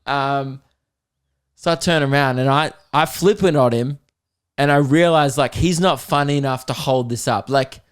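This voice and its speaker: Australian comedian telling stories. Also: male voice, normal speed, smooth. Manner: swearing, laughing, mimicking kids in a high voice. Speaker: comedian podcast host. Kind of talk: casual storytelling.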